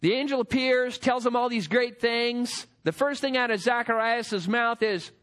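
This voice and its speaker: A man preaching a sermon, emphatic and building to forceful peaks. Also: very high voice, normal speed, few pauses. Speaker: pastor.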